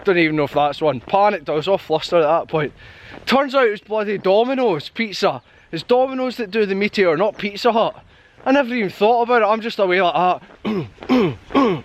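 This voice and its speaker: A man's voice: high voice, lively intonation, normal speed. A young Scottish man chatting and telling stories while hiking outdoors, laughing often. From Scotland. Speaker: hiking vlogger. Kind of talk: casual chat while hiking. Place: outdoors on a hill trail.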